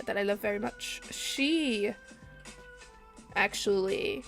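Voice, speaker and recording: A woman chatting casually to her live-stream audience while she draws, animated and laughing at herself. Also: mid-range voice. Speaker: artist streaming while drawing. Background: faint lo-fi music.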